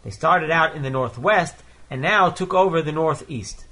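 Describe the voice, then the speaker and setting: Man, Torah lesson, reads a phrase then translates it, fairly high voice. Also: moderate pace, pushed and bright. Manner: reads each Hebrew phrase then explains it in English. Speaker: Torah teacher. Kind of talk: Torah lesson, reading Hebrew verses and translating line by line.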